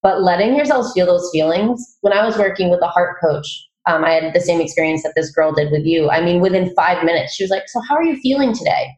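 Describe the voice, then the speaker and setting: A woman hosting a podcast, speaking in an earnest, reflective way and agreeing warmly with her guest. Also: on the low side, quick pace, few pauses. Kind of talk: casual podcast conversation. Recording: echoey room.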